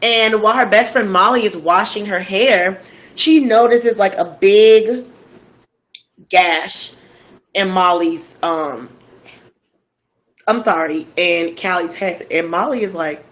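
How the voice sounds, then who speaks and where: Slow-talking woman recapping a crime story. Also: medium pitch, a bit bright, low-quality recording. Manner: slangy, conversational, drawn-out storytelling. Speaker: storytelling host. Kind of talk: casual true-crime recap while eating.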